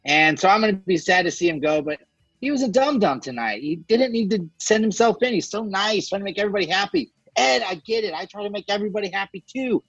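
A man's voice: high voice, animated, quick pace, a bit bright, no room sound, dull audio, faint music behind. A man co-hosting a podcast in casual chat, jokey and profane, rambling through his picks. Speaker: podcast co-host.

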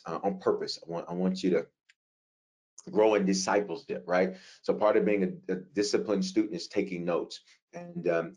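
A man teaching a prayer class in a preaching style, repeating key lines for emphasis and breaking into sudden high, fervent outbursts. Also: darkish tone. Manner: casual asides to the class.

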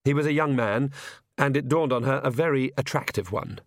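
A male narrator reading a comic fantasy audiobook with measured, wry timing. His voice sits at an ordinary male pitch, and the recording is dry and close. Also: dry recording. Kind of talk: scripted narration.

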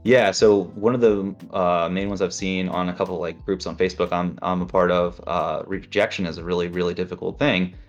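A man's voice: low voice, fairly even intonation, fairly quick, hardly any pauses. A man chatting casually, rambling and acting out inner voices as he explains. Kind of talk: casual chat. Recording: dull lo-fi sound with faint music.

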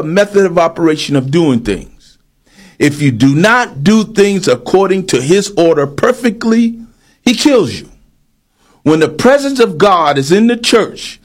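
High-voiced preacher with emphatic delivery. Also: male voice. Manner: emphatic, rising to shouts on key points; reads scripture aloud, then explains it. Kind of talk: sermon.

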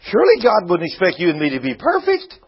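Man, preacher, folksy sermon, husky voice, muffled lo-fi radio sound. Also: high-pitched, huge pitch swings, fast. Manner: folksy, conversational, retells Bible scenes in voices.

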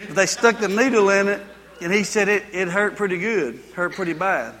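Folksy preacher, high bright voice. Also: male voice, moderate pace, in a large hall. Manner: folksy storytelling, builds to repeated exhortations. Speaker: pastor. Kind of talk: sermon with personal story.

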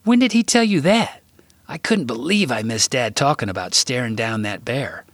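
A man voicing a frightened young boy who pleads in a high voice in a storybook reading. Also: animated, normal speed, fairly bright tone, no room sound. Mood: amazed.

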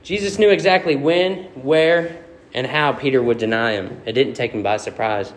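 A man preaching a sermon to a congregation, reading scripture and asking the room lively rhetorical questions. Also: medium pitch, moderate pace. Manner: leads a soft, quiet prayer before preaching. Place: church meeting room.

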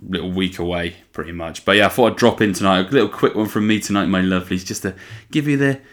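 A young man with a notably low voice hosts his podcast alone in easygoing chat, putting on a playful West Country twang. He is enthusiastic and loose, swears freely, repeats phrases and keeps calling his listeners his lovelies. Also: steady tone, fast, fairly bright tone. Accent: playful put-on West Country twang. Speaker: podcast host. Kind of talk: casual solo chat.

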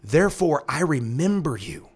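An earnest man talks through the scripture as a pastor. He repeats key phrases and checks in with a quick "right?" as he works through each verse. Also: fairly high pitch, big pitch swings, breathy edge. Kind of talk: devotional Bible teaching talk.

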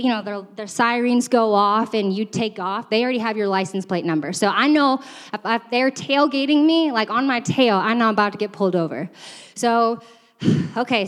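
A young woman preaching with a chatty, self-mocking story, laughing often and leaning on fillers. Her voice sits fairly high. Long reverb trails off each phrase, as in a large church hall. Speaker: church staff speaker. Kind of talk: storytelling sermon.

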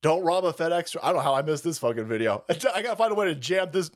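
A man's voice: fairly high pitch, animated, fast. A man hosting a stream, ranting profanely while reacting to videos, laughing often and breaking into mocking squeals. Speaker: streamer host.

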